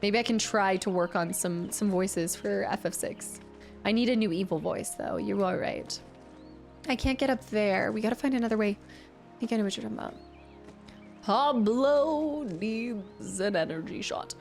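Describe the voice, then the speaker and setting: A woman's voice: mid-range voice, moderate pace, creaky, a little mellow, soft background music. A young woman streaming a game, chatting casually and joking around with silly voices. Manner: playful, jokey, trying out silly voices.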